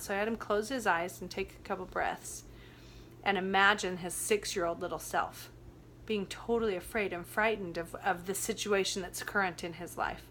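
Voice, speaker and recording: A woman's voice: mid-range voice, a little hiss or hum. Earnest woman telling a workshop story. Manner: earnest, gentle, drops to a hush for tender moments. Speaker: youth workshop facilitator. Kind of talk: casual storytelling chat.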